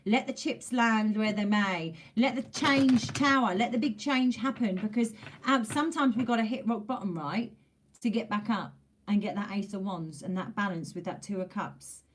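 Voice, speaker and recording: A woman's voice: mid-range voice, moderate pace. A woman gives a casual, chatty tarot reading straight to camera. She talks emphatically, driving her points home by repeating phrases, and she drops in the odd mild swear word. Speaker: tarot reader.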